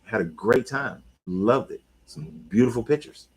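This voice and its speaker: A man talking casually on his own, an animated coach who repeats himself and talks back to the listener. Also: mid-range voice, moderate pace, husky, rough recording. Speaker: life coach. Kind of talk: casual monologue.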